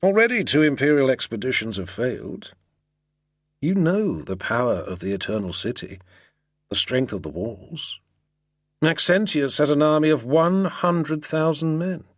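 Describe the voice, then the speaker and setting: A man's voice: medium pitch, dry recording, clean studio sound, voice pushed up. Man voicing a sardonic drawling schemer. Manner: artful sardonic drawl, purring. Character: sly sardonic male schemer, smooth and persuasive. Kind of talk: audiobook character reading.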